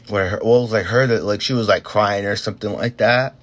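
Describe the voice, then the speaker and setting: A man's voice: lowish voice, a little fast. A young man chatting casually, rambling with lots of fillers, restarts and swearing as he tells a story. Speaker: podcast talker telling a work story. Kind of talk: casual chat.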